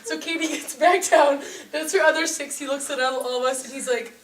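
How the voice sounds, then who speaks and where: A woman's voice: high voice, a little fast. A teenage girl on a volleyball team telling stories in casual group chat, acting out other people's lines. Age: teens. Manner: animated storyteller who quotes others. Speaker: senior volleyball player. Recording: echoey room, far from mic, with chatter.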